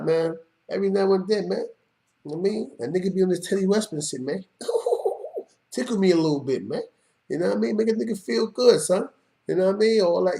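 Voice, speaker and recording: A man's voice: fairly high pitch, a little mellow. A middle-aged man, hosting his own show and talking off the cuff in a streetwise, emphatic way, often asking "you know what I mean". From New York. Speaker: show host. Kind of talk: unscripted monologue to camera.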